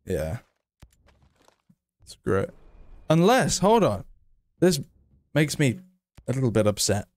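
A man's voice: mid-range voice, big pitch swings, slow, long pauses, darkish tone, no room sound. A man giving casual gameplay commentary, chatty and self-mocking, swearing when frustrated. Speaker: gaming video creator.

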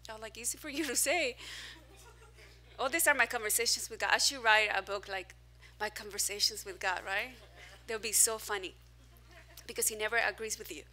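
A woman pastor preaching a sermon in a church, animated and self-mocking, swinging between loud and soft. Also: mid-range voice, brisk. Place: church hall, preaching to a small crowd.

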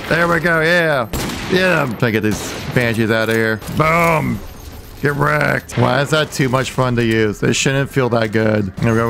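Excitable young man playing a shooter. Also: gravelly, noisy background. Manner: excitable, yelps and laughs high, loud bursts of glee. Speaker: gaming YouTuber. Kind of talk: excited gameplay commentary. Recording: faint gunfire from the game behind.

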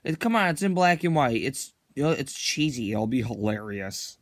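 A man's voice: medium pitch, big pitch swings, normal speed, dry recording, voice pushed down. A man voicing a teasing, bossy young friend in a fan-made plush comedy. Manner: teasing, pushy.

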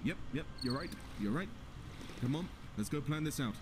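A woman voicing an upbeat male work partner, lowering her voice and speaking briskly. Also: expressive, music in the background.

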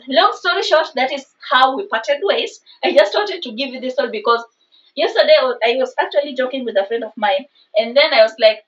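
Casting note: Kenyan woman in her twenties, high voice, lively storyteller, slightly distant dull recording. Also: brisk. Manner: animated, mixes in Swahili slang. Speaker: vlogger. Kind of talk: casual storytime.

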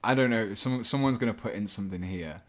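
Low-voiced man chatting while painting. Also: quick pace, a bit bright. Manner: rambling, playful, self-mocking, thinks aloud. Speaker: live-stream host painting miniatures. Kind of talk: casual live-stream chat.

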